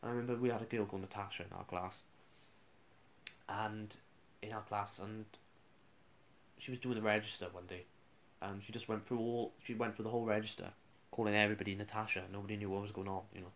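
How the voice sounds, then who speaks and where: A man's voice: on the low side, steady tone, fast, a bit bright, a little hiss or hum. Rambling man telling stories. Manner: rambling storyteller with frequent restarts and chuckles. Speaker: radio presenter. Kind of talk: casual anecdotal chat.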